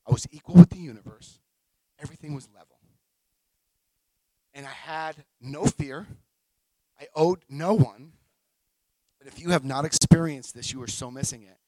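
A man's voice: fairly high pitch, moderate pace, long pauses, no room sound, low-quality recording. Man telling an emotional recovery story. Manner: emotional, animated storytelling with restarts. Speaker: speaker sharing a recovery story at a meeting. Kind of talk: recovery meeting share.

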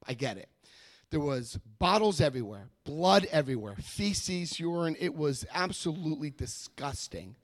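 A man giving a personal testimony at a recovery meeting, telling his story with animated energy and acting out what people said. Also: a little high, moderate pace. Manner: animated storytelling, acts out quoted voices. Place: meeting room before a live audience.

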